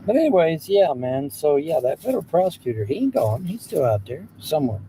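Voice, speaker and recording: A man with a Southwest Ohio accent chats loosely to his livestream audience, greeting viewers and circling back over the same points. His voice is very dark and mellow but swings widely in pitch. Faint idling engines hum behind him outdoors. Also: big pitch swings, fairly quick, low-quality recording. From Hamilton, Ohio, USA. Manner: drawling, rambling, greets chat, repeats himself. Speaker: livestream host. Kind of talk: casual livestream chat. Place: outdoors beside idling trucks.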